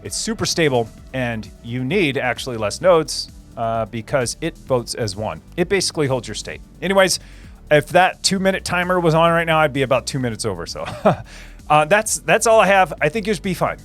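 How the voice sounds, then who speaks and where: Man, young adult, fairly high voice, tech livestream host, rambly and repetitive, faint music bed. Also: very animated, moderate pace, a bit bright. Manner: rambling, repeats phrases, many fillers and restarts. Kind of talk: casual livestream chat answering viewers.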